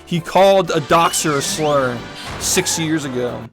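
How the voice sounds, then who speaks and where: Over music, a man with a rather high voice streams from home at a measured pace. He rants angrily at the people harassing him, swearing heavily throughout.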